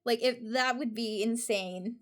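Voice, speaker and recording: A woman streamer chatting casually with her live chat, giggling often and getting excited. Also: a little high, a little slow.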